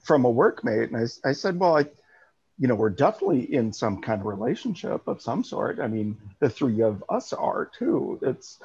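Gravelly, husky man telling a story. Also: a little high. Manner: animated storytelling, swearing, laughing often. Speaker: podcast co-host. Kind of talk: casual chat. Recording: dull lo-fi podcast audio.

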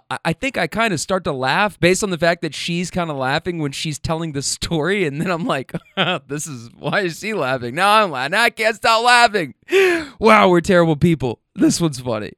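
A man's voice: high-pitched, a bit bright, no echo, clean studio sound. A man hosting a show, chatting loosely about clips he plays and laughing often between his rambling asides. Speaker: host reacting to clips. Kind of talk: casual commentary.

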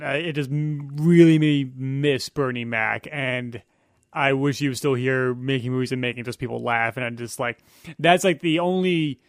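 A man's voice: medium pitch, no room sound, clean studio sound. A young man talking as a guest on a casual film podcast, explaining editing in an analytical way with many fillers.

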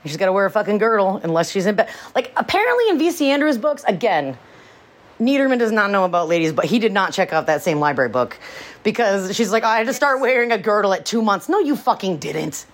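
A woman's voice: medium pitch, very animated, quick pace. A young woman co-hosting a casual podcast, recapping a book with sarcasm, laughter and plenty of swearing. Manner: laughing, sarcastic, swears a lot, acts out characters. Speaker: podcast co-host.

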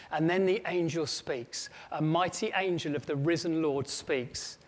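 A man's voice: on the high side, measured pace, few pauses. A man preaching a storytelling sermon with dramatic rising emphasis. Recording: long echo of a large hall.

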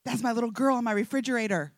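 A middle-aged woman giving a humorous testimony talk to a church audience, telling the story in a lively way and acting out the dialogue. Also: on the high side, racing, dry recording. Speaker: speaker at a Christian event.

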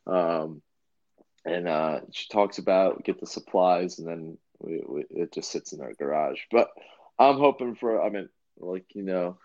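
A man's voice: sits low, a little mellow, lo-fi sound. A man co-hosting a podcast in casual chat, rambling and laid-back with lots of fillers and restarts. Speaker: podcast co-host.

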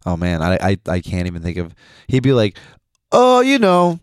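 A man's voice: sits low, a little fast, darkish tone, no echo. A man co-hosting a casual beer-tasting podcast in a studio, cracking puns and laughing often. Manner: jokey, punning, laughs often. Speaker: podcast co-host. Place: recording studio.

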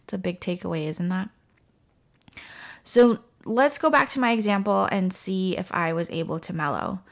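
A woman in her thirties hosting a parenting podcast, calmly telling a story and acting out the dialogue. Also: mid-range voice, moderate pace, gravelly. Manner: calm, storytelling with quoted dialogue. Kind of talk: instructive parenting talk.

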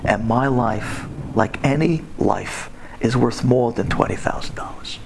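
A man plays a deeply wounded grown man, bitter and unforgiving. He speaks in a lowered, slow, measured voice, firm and steady. The tone is resolute. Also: vocal fry, background noise.

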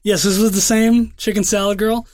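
A man's voice: high voice, little pitch movement, normal speed, a little mellow, no echo, studio quality. A young man co-hosting a podcast, telling rambling stories in casual chat with heavy swearing. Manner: profane, rambling storyteller. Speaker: podcast co-host.

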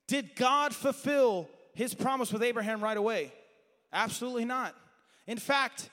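In a big-room acoustic, a very high-pitched man gives an impassioned sermon that climbs to shouting and sinks to quiet asides. Along the way he says he has strayed from his notes.

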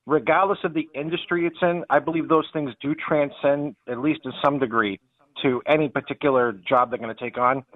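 A man with a Boston accent calling in to a radio show, making his case earnestly with halting restarts. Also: on the high side, steady tone, no echo. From New Hampshire. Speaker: caller. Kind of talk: call-in radio talk. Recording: dull phone-line call audio.

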